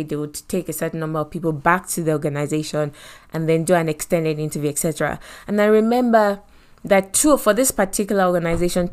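Sharing a personal story as part of a motivational faith talk, this middle-aged podcast host and Christian speaker from Nigeria speaks with a Nigerian accent. Her voice is smooth and on the low side, animated, with lots of asides and repeated phrases.

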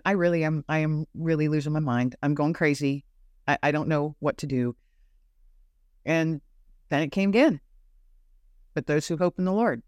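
A woman's voice: low-pitched, no room sound, studio quality. Emotional woman telling a personal story. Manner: earnest, emotional storytelling, voice rising when intense. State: teary-eyed. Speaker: interview guest. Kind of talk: personal testimony in an interview.

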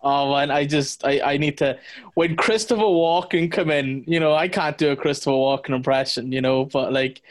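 Rambling Irish man, slightly high voice. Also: moderate pace. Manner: rambling, repetitive, exasperated rants. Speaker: podcast co-host. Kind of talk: casual chat.

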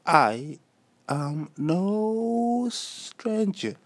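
A man voicing a prim, overly polite gentleman with a put-on British accent and a lofty, drawn-out manner. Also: high-pitched, sing-song, dry recording, voice pushed up, heavily acted.

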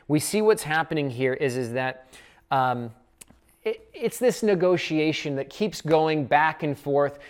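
A Bible study teacher explaining scripture in a casual, conversational way, thinking aloud while working through the passage. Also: mid-range voice.

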